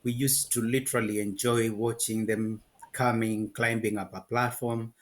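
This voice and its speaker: A man hosting an online talk show, enthusiastic and quick to repeat his praise. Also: lowish voice, level tone. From Africa. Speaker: host.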